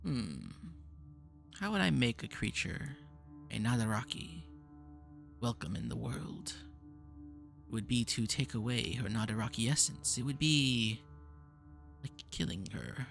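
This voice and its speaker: Casting: man doing a pompous eccentric mage, gravelly, swoops up and down a lot. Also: medium pitch, very animated, measured pace, pauses often, fairly bright tone, faint music behind, full character voice. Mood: grandiose. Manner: pompous, theatrical, touchy. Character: grandiose eccentric male mage, game's creator.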